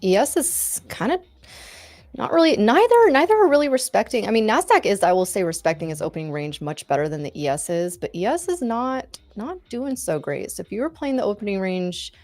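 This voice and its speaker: A woman's voice: medium pitch, animated, a little fast, a little mellow. A woman co-hosting a live trading stream, thinking aloud in chatty, casual commentary on the market. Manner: chatty, thinks aloud about price action. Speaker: co-host of a live trading show.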